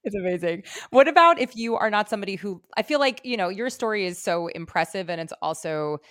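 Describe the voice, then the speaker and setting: A woman's voice: medium pitch, quick pace, a bit bright. A woman podcast host asking long, rambling questions full of fillers in a casual interview.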